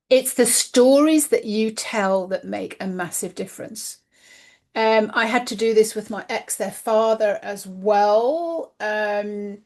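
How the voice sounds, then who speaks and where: A woman's voice: medium pitch, darkish tone. A woman, the host of a spiritual channel, telling a personal story in a chatty, candid way with some mild swearing.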